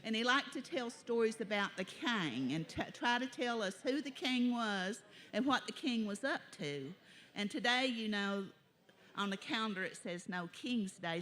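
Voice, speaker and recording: A woman storyteller, telling a folk tale in a folksy, drawn-out way. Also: medium pitch, fairly bright tone.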